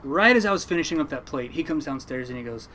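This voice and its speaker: A man, a fishing boat captain, telling stories from his life at sea to a podcast host in a lively, laughing way. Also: a little high, fast. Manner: animated yarn-spinner, laughing at his own story. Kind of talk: casual storytelling.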